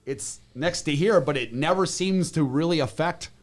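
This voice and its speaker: A man from Wisconsin who sells real estate, chatting casually on a panel, animated and joking, often restarting his sentences. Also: a little high, moderate pace, faint music behind.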